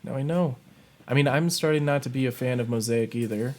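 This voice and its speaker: A man's voice: medium pitch, brisk, a little mellow. A man co-hosting a podcast, chatting casually in a joking, conversational way. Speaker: podcast co-host. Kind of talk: casual chat.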